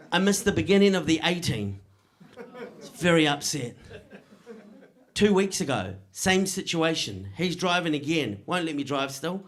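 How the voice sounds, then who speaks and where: A middle-aged man performing a stand-up comedy set, delivering deadpan punchlines and checking in with the crowd. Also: high-pitched.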